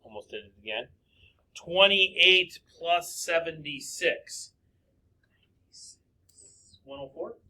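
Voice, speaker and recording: A man's voice: a little high, expressive, slow pace, pauses often, pushed and bright. A man teaching a recorded math lesson, working through problems step by step and asking himself questions aloud before answering them.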